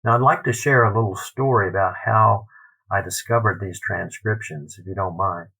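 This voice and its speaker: A man, a literary scholar, telling an anecdote in a podcast interview, animated and acting out the quotes. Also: on the low side, moderate pace, gravelly, husky, poor audio. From United States.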